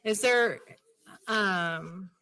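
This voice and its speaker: Woman chairing a meeting, mid-pitched, brisk and businesslike, calls the next speakers. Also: sharp tone, smooth. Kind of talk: formal meeting procedure.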